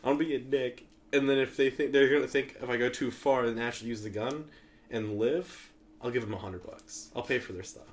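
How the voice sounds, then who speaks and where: A man's voice: mid-range voice, a little fast, a little hiss or hum. Joking man riffing in casual chat. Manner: jokey, riffs on wild ideas.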